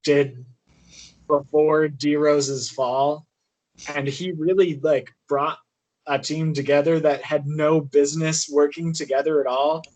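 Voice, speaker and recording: A young man co-hosting a sports podcast, talking in a relaxed, thoughtful way with many fillers. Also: on the high side, slow pace, poor audio. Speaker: podcast co-host. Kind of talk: casual sports chat.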